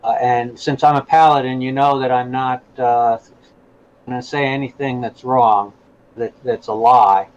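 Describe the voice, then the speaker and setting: A man playing a tabletop game, speaking slowly and haltingly, often pausing on "uh" as he works out his words. His mid-pitched voice comes through a dull, lo-fi mic. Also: fairly even intonation. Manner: halting, many hesitations. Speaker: player. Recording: dull lo-fi sound.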